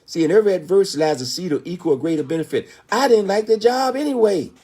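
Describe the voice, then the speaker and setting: A man's voice: high-pitched, expressive, quick pace, dark tone, husky. A man in his sixties giving a motivational speech, telling his story with emphatic rhetorical questions. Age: 60s. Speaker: motivational speaker.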